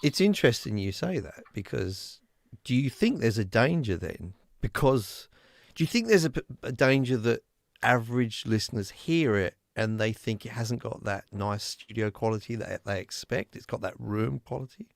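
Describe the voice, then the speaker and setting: Gravelly lowish guy hosting, probing questions, dry room. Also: animated, moderate pace, no echo. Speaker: host. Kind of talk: casual panel discussion.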